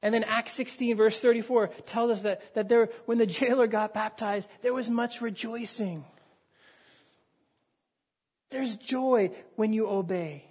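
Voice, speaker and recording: A man's voice: sits high, a little slow, darkish tone, husky. A male pastor delivering a sermon, telling a story with acted dialogue and raising his voice for emphasis.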